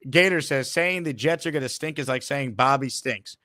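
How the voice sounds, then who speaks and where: A man hosting a sports call-in show, chatting casually with callers and laying out measured, reasoned opinions. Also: medium pitch, bright, forceful tone, no room sound. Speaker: sports talk show host.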